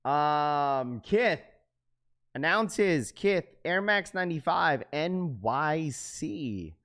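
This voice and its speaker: A man's voice: fairly high pitch, animated, very slow, a bit bright. A man hosting a sneaker livestream, talking casually to chat in heavy slang. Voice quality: slangy, says "bro" often.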